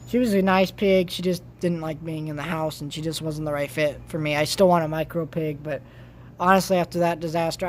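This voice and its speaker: A young vlogger telling a rambling home story in casual chat, with many restarts and animated swings between loud bursts and quiet asides. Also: mid-range voice, a little hiss or hum.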